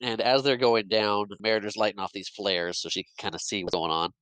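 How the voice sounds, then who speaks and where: A man's voice: fairly low pitch, steady tone, a little fast, a bit bright, clear, resonant tone, no echo, poor audio. A man co-hosting a podcast, retelling a film scene by scene in casual chat, with frequent restarts and small laughs. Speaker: podcast co-host. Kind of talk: casual movie recap chat.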